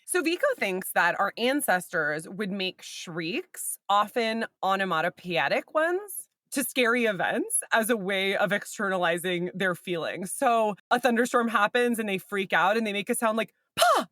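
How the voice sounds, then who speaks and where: A woman discusses philosophy on a podcast in a medium-pitched voice, lively and curious. The sound is close and dry. She laughs readily while she talks. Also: normal speed, no room sound. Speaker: podcast co-host. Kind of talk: casual philosophy podcast chat.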